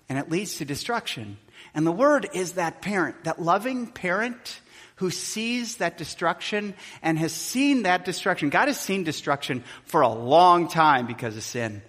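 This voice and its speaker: A man preaching a sermon as pastor, animated, acting out shouts and quotes and dropping to a hush. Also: sits high. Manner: animated, acts out shouts and quotes, swings from loud to hushed. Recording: long hall reverb.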